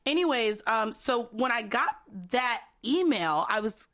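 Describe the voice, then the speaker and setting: A woman's voice: a little high, expressive, a little slow, a bit bright. A woman co-hosting a podcast, chatting frankly and laughing often as she tells stories. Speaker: podcast co-host. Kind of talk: casual chat. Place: studio.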